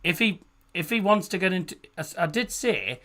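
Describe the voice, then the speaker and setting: A man's voice: high-pitched, big pitch swings, normal speed, sharp tone. A British man hosting a live football watchalong, chatting casually and rambling with laughs between remarks. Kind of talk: casual live match commentary.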